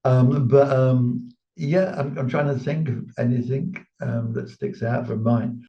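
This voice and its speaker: An older English man telling stories in a relaxed interview, chatty and quick to laugh, his quoted voices full of life. The sound is a little dull and muffled. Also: mid-range voice. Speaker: medium, interview guest. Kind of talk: casual anecdotal interview talk.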